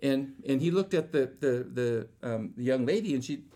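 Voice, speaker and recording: A man's voice: mid-range voice, expressive, normal speed, warm tone. A man telling a personal faith story casually, rambling with many restarts and acting out what people said. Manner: rambling, stumbling restarts, acts out quoted dialogue.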